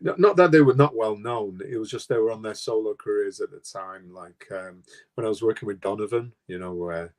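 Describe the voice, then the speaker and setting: A man's voice: lowish voice, a little fast, darkish tone. A man guesting on an interview show, chatting casually with dry jokes. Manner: dry, joking. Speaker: guest musician.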